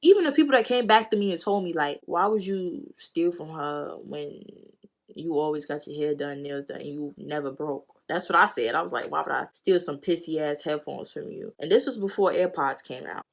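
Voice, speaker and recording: Lively foul-mouthed young woman. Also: moderate pace, gravelly. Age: 20s. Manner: animated, profane slangy storytelling; acts out quotes with sudden high jumps. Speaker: vlogger. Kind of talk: storytime chat.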